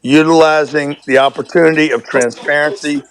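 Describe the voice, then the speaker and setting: A man's voice: a little high, fairly even intonation, moderate pace, smooth. A man calling into a live talk show, arguing his point with blunt, profane emphasis and repeating words for stress. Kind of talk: heated casual debate. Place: remote call from a resort.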